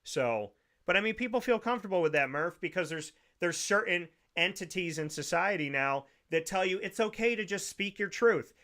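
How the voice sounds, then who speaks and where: Bright-voiced man ranting emphatically. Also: high-pitched, animated, normal speed. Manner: emphatic, preachy, repeats phrases. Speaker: sports talk show host. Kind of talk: opinionated podcast rant.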